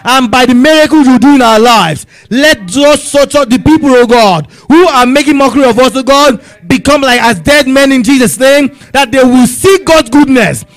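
A pastor leading congregational prayer, chanting and rising to shouts, then dropping lower and quieter to read scripture. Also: male voice, moderate pace, hardly any pauses, low-quality recording.

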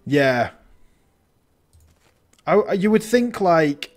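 His voice is high-pitched, swings widely in pitch, and moves very slowly, with soft music underneath. This gaming channel host plays a building game with casual let's-play narration, reasoning aloud and frequently restarting sentences.

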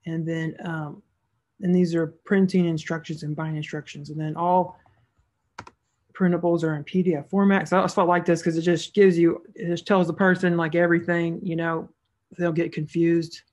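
A woman's voice: fairly low pitch, level tone, normal speed, darkish tone. A woman narrating a screen-recorded tutorial as an online seller, casual and thinking aloud as she clicks through each step.

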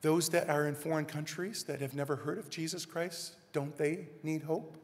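A man's voice: on the high side, fairly even intonation, moderate pace. A man preaching a sermon as minister, speaking earnestly and addressing the congregation directly, recorded in a church sanctuary. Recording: reverberant church live stream.

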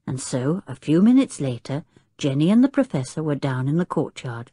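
A woman reading a children's adventure story aloud in an expressive, suspenseful way. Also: sits low, moderate pace, breathy edge, no room sound, clean studio sound. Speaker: audiobook narrator. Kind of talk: scripted story narration.

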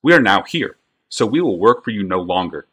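A man voicing a lean, calm young boy who speaks steadily and loud enough for a crowd, pitched a bit higher than his own voice in a read-aloud story. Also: slightly rough, heavily acted. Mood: calm firm. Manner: calm but loud, measured.

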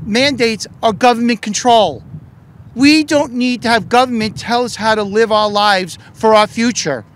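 At a press event, a middle-aged politician and union leader delivers an impassioned speech, shouting fervently and firing off rhetorical questions. His voice is very high, his pace moderate, with a little hiss or hum in the recording.

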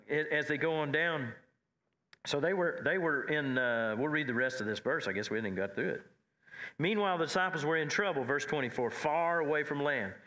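Folksy preacher man with a bright voice. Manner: folksy, repetitive, builds in pitch and force as he preaches. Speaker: pastor. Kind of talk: sermon.

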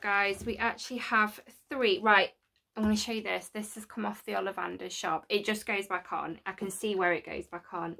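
A woman filming a casual home unboxing vlog, gushing and excitable, sometimes dropping to a whisper. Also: mid-range voice, gravelly, a little hiss or hum. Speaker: unboxing vlogger. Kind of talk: casual chat to camera. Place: home studio.

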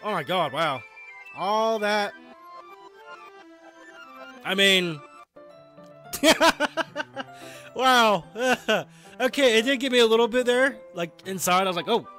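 A man's voice: sits high, a little slow, long pauses, bright, forceful tone, faint music behind. A young man giving laughing, sarcastic, profane commentary while playing a game. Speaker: gaming channel host. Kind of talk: let's play commentary.

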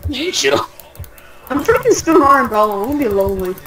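A young woman talks fast and loose over a game, excitable and quick to trash-talk. Her voice sits a little high, and she stammers whenever things get hectic. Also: faint music behind, rough recording. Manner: excitable, trash-talking, stammers when flustered. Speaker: gamer. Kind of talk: casual gaming chat.

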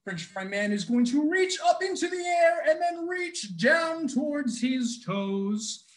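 A man playing an excitable big brother in an interactive children's musical, cheering on and coaching the kids as he talks to them. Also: very high-pitched, a little slow, poor audio. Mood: playful. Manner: bubbly, encouraging, talks straight to the kids. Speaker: stage performer leading children. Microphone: video call.

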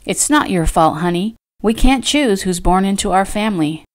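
A woman's voice: medium pitch, lively intonation, normal speed, natural voice. A woman voicing a kindly ranch woman in an audiobook, speaking in a soothing, matter-of-fact manner. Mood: reassuring.

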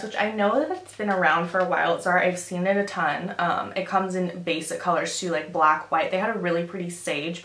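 A woman's voice: fairly low pitch, fairly bright tone. A young woman chatting casually through a beauty and clothing haul, filling her talk with "like" and "um.". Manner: chatty, filler-heavy, says "like" often. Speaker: beauty vlogger. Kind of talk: casual try-on haul chat. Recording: roomy echo.

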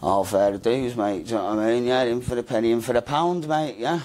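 A man's voice: mid-range voice, fairly quick, darkish tone. Rambling man telling his story. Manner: rambling, slangy, repeats "mate" and "do you know what I mean". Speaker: interview guest. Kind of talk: casual storytelling interview.

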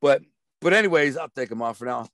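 Speaking fast and expressively in a mid-range voice with a slightly bright edge, a streetwise Detroit man tells stories as a guest in a casual interview. He's blunt, rambles, repeats words, and acts out quoted voices. The studio recording is clean, with no room sound.

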